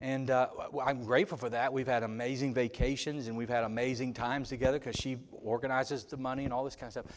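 A middle-aged man preaching a sermon in a church, telling folksy stories and building to loud exhortation. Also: medium pitch, little pitch movement, fast, few pauses. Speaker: preacher and ministry leader. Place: church sanctuary.

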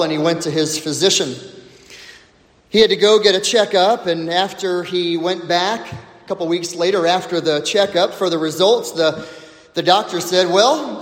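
A male pastor preaching a sermon, emphatic, with big swings in pitch and loudness. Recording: echoey hall with long reverb.

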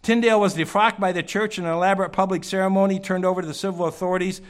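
A male preacher delivers a sermon in a church, his voice pitched a little higher than most men's. He works the room with rhetorical questions. He swings between loud, pressing lines and sudden quiet ones. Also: fairly even intonation, very fast.

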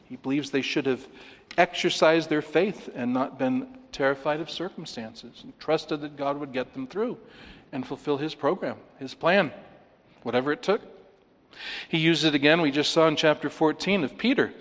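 A man preaching an expository sermon, animated, acting out the voices of the people he talks about. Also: fairly high pitch, moderate pace, in a large hall. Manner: animated, acts out voices of the disciples. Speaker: pastor.

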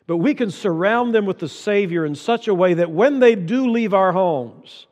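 A man's voice: sits high, animated, normal speed, darkish tone. Folksy older man preaching in a hall. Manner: folksy, anecdotal, repeats key lines for emphasis. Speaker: pastor. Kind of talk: sermon.

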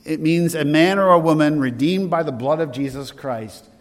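A man's voice: a little high, normal speed, long reverb tail. A man preaching a sermon as a pastor, conversational and given to rhetorical questions.

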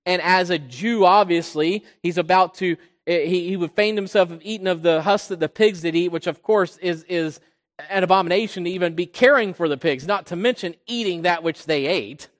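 A man with a fairly high voice preaches to his congregation, rising loud on key points and sinking to a hush on others. His voice rings with the long reverb of a large church sanctuary. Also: normal speed. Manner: preaching, swells loud on key points, drops low on quiet ones. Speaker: pastor. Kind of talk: sermon.

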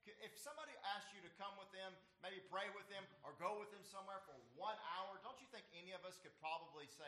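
Preacher guy, high bright voice, goes loud then real quiet, acts out quotes. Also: fast, few pauses. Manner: preaching with dramatic swings between loud and soft. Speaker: pastor. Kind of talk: sermon.

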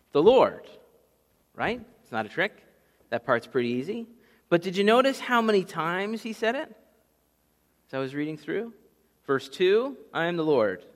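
A man's voice: fairly high pitch, fairly bright tone. A male pastor preaching a sermon, teaching in a conversational way with asides and questions to the congregation. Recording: church hall reverb.

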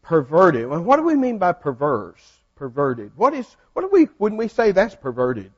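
Guy teaching a bible class, folksy, keeps quizzing the room, kinda high voice, dull lo-fi sound. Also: huge pitch swings, moderate pace, a little mellow. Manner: folksy, asks the class questions. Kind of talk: interactive Bible study teaching.

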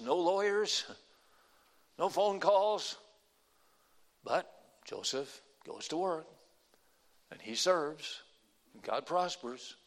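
A middle-aged man preaching a sermon, animated, dropping to a hush and then rising loud again. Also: on the high side. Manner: animated, swings from hushed to loud. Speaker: pastor.

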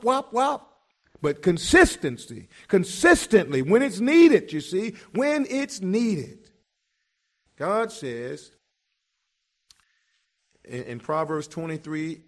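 A man's voice: fairly high pitch, a little mellow. A middle-aged man preaching a sermon emphatically, repeating words as he builds each point.

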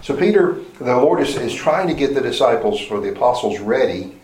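A man teaches a Bible lesson in a relaxed, conversational way, breaking off and restarting his sentences and checking in with rhetorical questions. His voice sits at an ordinary middle pitch. The sound is roomy, with a noticeable echo around him. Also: brisk. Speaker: preacher. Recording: roomy echoey hall.

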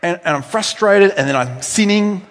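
A male pastor giving a conversational sermon with asides, swinging from loud, high emphasis down to soft, low tones. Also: lively intonation, moderate pace. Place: church hall. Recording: long reverb in a church hall.

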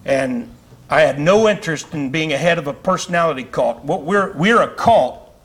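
A man's voice: fairly high pitch, expressive, normal speed, a bit bright. A male pastor preaching a sermon to his congregation in a fiery, conversational way with chatty asides. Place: church sanctuary.

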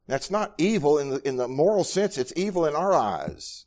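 A man, preaching a sermon at a Bible study, telling personal stories earnestly and moving from quiet, low passages to loud, raised ones. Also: very animated, moderate pace, hardly any pauses. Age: 60s. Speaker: pastor.

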